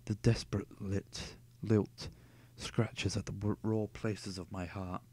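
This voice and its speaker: A man's voice: on the low side, level tone, slow pace, a little mellow, breathy edge. Sarcastic man reading a novel aloud. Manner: sarcastic, cuts in with profane asides. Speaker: reader of a novel.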